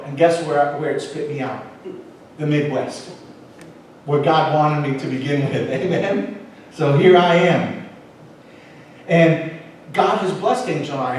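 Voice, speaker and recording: A male pastor preaching a sermon, telling a personal story with animated swings between loud emphasis and quiet asides. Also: fairly high pitch, slight background noise. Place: church auditorium. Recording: echoey hall, mic at a distance.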